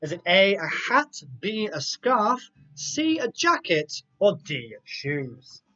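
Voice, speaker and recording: High-voiced man hosting a live quiz. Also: wildly swooping pitch, takes it slowly, sharp tone. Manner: reads multiple-choice options with chatty asides. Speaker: quiz host. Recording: dull lo-fi sound with faint music.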